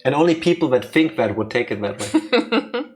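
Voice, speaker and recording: A man's voice: on the high side, wildly swooping pitch, moderate pace, faint music behind. A man co-hosting a let's play, reading visual novel text aloud and bickering playfully with his co-host. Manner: playful, bickering, mock-indignant. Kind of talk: casual chat and reading game text aloud.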